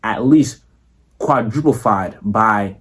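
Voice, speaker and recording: A man putting on the voice of a formal, persuasive male business pitchman making an investment pitch. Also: slow pace, breathy edge. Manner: overly formal, salesy.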